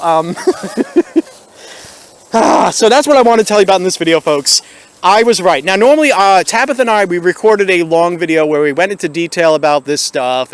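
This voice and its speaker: A man with a notably high voice rants to his viewers in a vlog, sarcastic and exasperated as he talks them through it. He is recorded on a small built-in camera microphone. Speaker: video host. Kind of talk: ranting vlog commentary.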